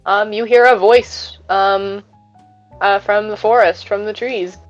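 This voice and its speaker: Hesitant woman game master, middle pitch. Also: fairly even intonation, slow, highs cut off, faint music behind. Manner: hesitant, many fillers. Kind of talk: narrating a tabletop game.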